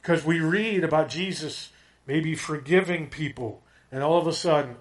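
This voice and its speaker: A man's voice: on the high side, normal speed. A man preaching a conversational sermon, often checking in with his listeners with "okay?" and "right?". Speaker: pastor.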